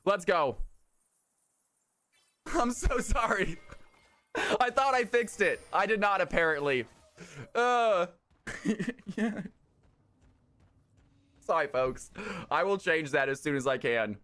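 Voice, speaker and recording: A man's voice: high voice, slow pace, long pauses. A man hosting a live stream, commentating games and talking directly to his chat with lots of hype. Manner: energetic, hyped, talks straight to chat. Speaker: streamer hosting community game nights.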